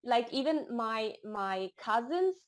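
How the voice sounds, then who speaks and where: A woman's voice: a little high, lively intonation, takes it slowly. A woman guest on a podcast, chatting casually and telling stories with emotion and enthusiasm. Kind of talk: casual interview chat.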